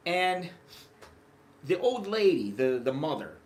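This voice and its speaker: A man from the United States telling rambling, animated anecdotes in a casual vlog monologue. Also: a little high, measured pace, a little hiss or hum. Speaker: vlogger.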